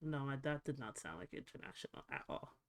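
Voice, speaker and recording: A woman streamer chatting casually to her viewers, swearing freely and reacting out loud while she fiddles with settings. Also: rumbling low, very animated, a little fast, creaky. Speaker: livestreamer. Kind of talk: casual livestream chat.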